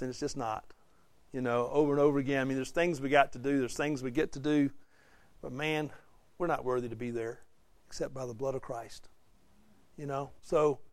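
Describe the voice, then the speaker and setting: A man leads a Bible study in a chatty, questioning way, acting out the lines he reads. His voice sits a little high and sounds dry and close, with no room around it. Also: dry recording. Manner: conversational, asks the class questions, acts out quotes. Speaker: Bible teacher. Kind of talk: interactive Bible study teaching.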